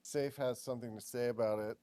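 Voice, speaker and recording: A man playing a tabletop role-playing game, talking casually about his character and often pausing with ums and uhs. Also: mid-range voice, steady tone, dark tone, no room sound. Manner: hesitant, heavy with ums and uhs.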